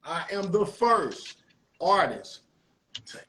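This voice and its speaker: St louis dude arguing his point, slow and careful, kinda high voice. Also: big pitch swings, sharp tone, a little hiss or hum. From St. Louis, USA. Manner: deliberate, stresses his point, stumbles at the start. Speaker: rapper in a debate. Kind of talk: casual debate.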